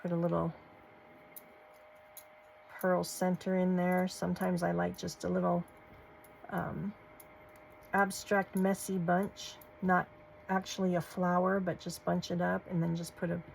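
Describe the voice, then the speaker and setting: Slow gravelly-voiced woman gushing. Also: lowish voice, a little hiss or hum, poor audio. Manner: gushing, soft-spoken, folksy. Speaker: crafting channel host. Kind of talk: casual show-and-tell vlog.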